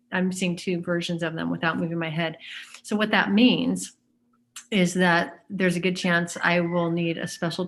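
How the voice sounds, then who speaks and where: A woman speaks as a guest in a relaxed conversation. She is hesitant, often trailing off and filling gaps with "um" as she hunts for words. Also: fairly low pitch, a little hiss or hum. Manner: hesitant, searches for words with many fillers. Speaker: interview guest. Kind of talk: casual conversation.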